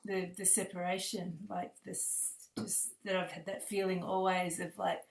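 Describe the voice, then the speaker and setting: A woman's voice: on the low side, level tone, measured pace, gravelly, reverberant, a little hiss or hum, poor audio. A tired woman sharing personal feelings in a group video call, hesitant and searching, with many fillers. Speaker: participant sharing in a group session.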